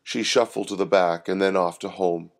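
A man hosting and narrating a Christian parable story with expressive delivery. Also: deep voice, normal speed, gravelly. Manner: expressive narration with lively intonation. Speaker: storyteller host.

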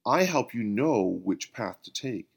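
Jesus, voiced by a man, calm and patient. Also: medium pitch, measured pace, creaky, breathy edge, exaggerated voice. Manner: calm, patient, gently probing.

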